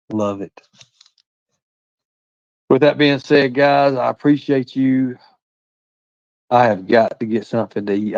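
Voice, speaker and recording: A man's voice: mid-range voice, a little mellow, no room sound, highs cut off. A man hosting a livestream, talking in a blunt, profane, preachy way with folksy phrasing like "by God" and "ain't". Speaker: livestream host. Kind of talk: heated livestream rant.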